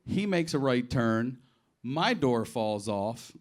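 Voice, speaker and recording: A man from Baltimore doing improvised stand-up on a comedy club stage, telling profane, animated stories and acting out the quotes. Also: mid-range voice, slow. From Baltimore, USA. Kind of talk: improvised stand-up on audience requests.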